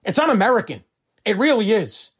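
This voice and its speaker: A man's voice: high voice, big pitch swings, a little fast, breathy edge. A man delivering a heated, profane political rant, fired up and repeating himself.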